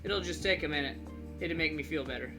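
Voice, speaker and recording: A man's voice: a little high, brisk, over music, lightly acted. A man voicing a worried, fatherly middle-aged taxi boss with a New York accent, talking business. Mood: earnest. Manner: pushy, talks business.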